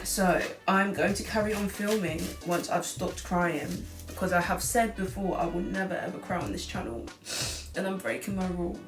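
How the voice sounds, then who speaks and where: A rambling, chatty teenage girl talks her way through a home cooking video, her voice sitting slightly low. She is caught from across an echoey kitchen, so the sound is roomy and distant. Music plays clearly underneath. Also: normal speed. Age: late teens. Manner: chatty and rambling, heavy use of "like". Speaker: cooking vlogger. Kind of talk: casual cooking vlog chat. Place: home kitchen, seated at the counter. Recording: echoey room, far from mic, music behind.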